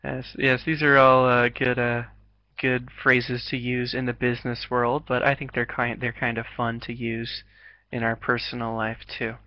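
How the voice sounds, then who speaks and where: A man's voice: mid-range voice, little pitch movement, normal speed, dry recording, muffled recording. An American man teaching an online English class, encouraging and full of fillers and restarts. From United States. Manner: encouraging, many fillers and restarts, laughs often. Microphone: video call.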